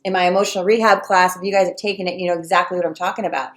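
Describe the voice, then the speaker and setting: A woman coaching viewers on relationships in a casual talk, animated and acting out the voices of clients and fears. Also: on the low side, rapid-fire. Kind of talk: casual direct-to-camera advice talk.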